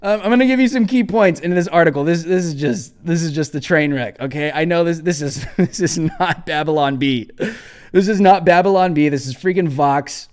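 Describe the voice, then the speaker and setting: A man with a notably high-pitched voice hosts a live commentary show. He talks bluntly and combatively and hammers his points by repeating phrases. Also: normal speed. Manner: emphatic, repeats phrases for emphasis. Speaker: host.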